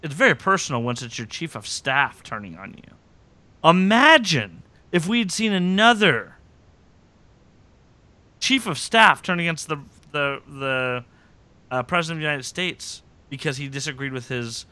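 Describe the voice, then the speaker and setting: A man's voice: fairly high pitch, measured pace, no room sound. A man hosting a podcast, casually recapping a TV episode and acting out the characters' lines. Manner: animated, acts out characters' lines in put-on voices. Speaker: podcast host.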